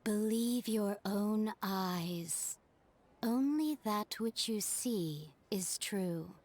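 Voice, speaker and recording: Unseen cryptic game stranger, slow solemn delivery, half-whispered, calm. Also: female voice, mid-range voice. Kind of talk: video game voice acting.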